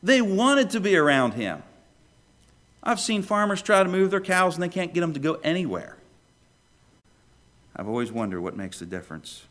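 Male preacher, sermon delivery, animated pitch, loud pleas dropping to hushed lows. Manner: animated preaching, swings between loud questions and hushed low lines. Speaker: pastor.

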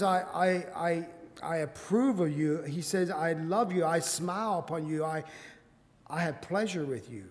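A man preaching a sermon, quoting scripture in old-fashioned wording and building to loud, emphatic peaks. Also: a little high, expressive, measured pace. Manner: quotes scripture in King James wording. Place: church sanctuary. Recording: long hall reverb.

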